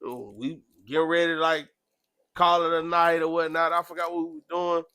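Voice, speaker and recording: A man chatting casually, telling a story with animated, loud acted-out quotes. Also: normal speed, clear, resonant tone, dry recording, clean studio sound. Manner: animated, acts out quotes with sudden loud jumps in pitch. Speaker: podcast host.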